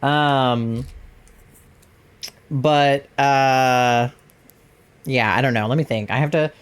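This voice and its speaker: A woman's voice: very deep voice, steady tone, drawn-out words, clean tone. Rambling woman streamer, filler-heavy and laughing a lot as she chats while gaming. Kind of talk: casual chat while gaming.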